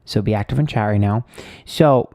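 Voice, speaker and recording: A man running a tarot livestream tells a story in a loose, rambling, foul-mouthed way, sounding exasperated and dramatic as he flips between hushed asides and loud outbursts. His voice sits lowish, his pace is moderate, and there's no room sound.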